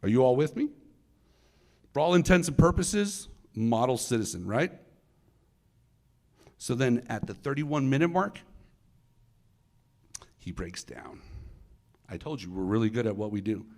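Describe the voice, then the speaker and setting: A middle-aged man and former federal agent, telling a case story to a live audience in an animated way and acting out the dialogue. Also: mid-range voice, measured pace, long pauses. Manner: animated, acts out dialogue, addresses the crowd directly.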